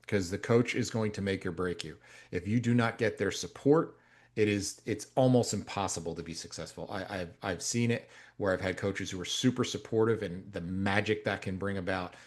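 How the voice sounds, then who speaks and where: A man co-hosting a coaching podcast, telling stories in a casual, animated way and rising loud when he quotes himself. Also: fairly low pitch. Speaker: strength coach and podcast co-host.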